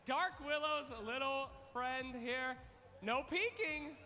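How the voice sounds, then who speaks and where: A man's voice: extremely high pitch, slow pace, pushed and bright. A man hosting a live trivia contest on stage, playful and teasing as he counts down answers. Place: large event hall. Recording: long arena reverb.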